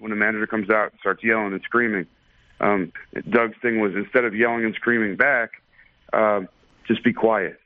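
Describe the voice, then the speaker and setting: A man, a baseball umpire, telling stories in a relaxed, thoughtful way with many fillers during a radio interview. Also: on the low side, dry recording. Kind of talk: casual storytelling in a radio interview. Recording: dry phone line.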